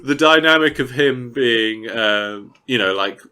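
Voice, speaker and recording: Male co-host, mid pitch, bright tone, chatty and teasing. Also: measured pace, clear, resonant tone. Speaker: podcast co-host. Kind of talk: casual podcast chat.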